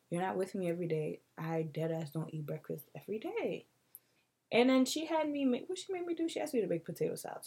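Husky young woman telling animated stories. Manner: animated storytelling, acting out quotes in a high mocking voice. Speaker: podcast co-host. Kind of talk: casual chat.

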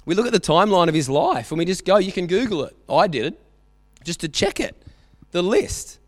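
Animated Australian preacher in a church hall. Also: male voice, high-pitched, brisk, clean studio sound. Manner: animated storytelling, acting out quotes. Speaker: pastor. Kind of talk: sermon.

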